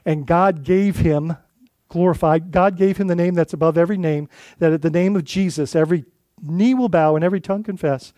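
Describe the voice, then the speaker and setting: A male lead pastor preaching a sermon in an earnest, halting way, with frequent restarts and repeated words. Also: on the high side, mellow, no room sound.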